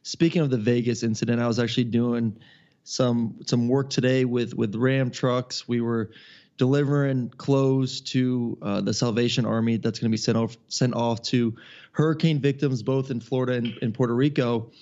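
A man who calls football games, chatting loosely on a sports podcast in a relaxed, rambling way. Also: mid-range voice, normal speed, dull audio. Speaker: podcast co-host and football broadcaster. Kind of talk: casual sports podcast chat.

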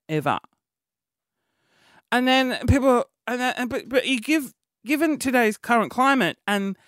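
A woman's voice: medium pitch, a bit bright, no echo, clean studio sound. A young woman hosting a casual solo podcast, rambling and chatty, circling back on herself and restarting her sentences. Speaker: podcast host.

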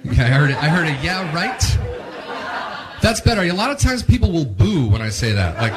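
A man's voice: on the high side, wildly swooping pitch, fast, a crowd in the background. A man performing a stand-up comedy set with wry, conversational delivery.

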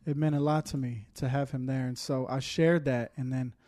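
This is a casual, chat-style personal testimony from a man whose voice is dark and mellow. He speaks with heartfelt feeling at an even, flat pitch, pausing on fillers while trying not to cry.

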